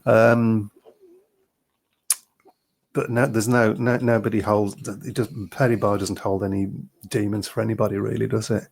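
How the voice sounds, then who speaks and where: Gravelly-voiced man hosting a podcast. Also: fairly low pitch, little pitch movement, moderate pace. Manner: chatty, chuckles often, reads out messages. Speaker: podcast host reading listener messages. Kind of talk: casual chat.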